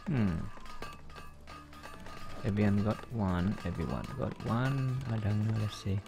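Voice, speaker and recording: A man casually commenting on his gameplay, hesitant and muttering, with many ums and pauses. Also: on the low side, creaky, music in the background.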